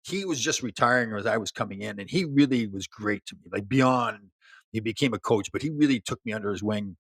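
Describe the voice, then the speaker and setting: A man in his sixties, a former hockey player, telling lively stories as a guest in an interview. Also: fairly low pitch, a little fast, slightly rough, dry recording. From Canada. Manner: animated storyteller, laughs, many restarts. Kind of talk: casual storytelling interview.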